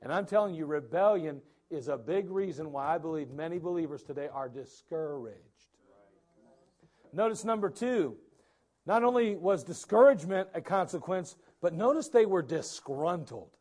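A man preaching a sermon as pastor, animated and acting out the people's words. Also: a little high, normal speed.

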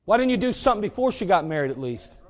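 A man preaching a sermon in a folksy, direct way, swinging between loud emphasis and quiet asides. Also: high-pitched, very animated, racing.

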